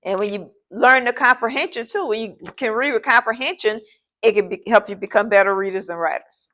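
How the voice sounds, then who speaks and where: Slightly high-voiced woman teaching a class. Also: a little fast, fairly bright tone. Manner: repetitive, checking in with "okay?" and "all right?"; informal, addresses the class as "y'all". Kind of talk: classroom lesson.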